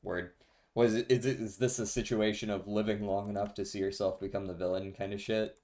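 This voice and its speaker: A man's voice: on the low side, little pitch movement, fairly quick, warm tone. A young man streaming a card game, giving dry, sarcastic commentary and swearing freely. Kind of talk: casual gameplay commentary.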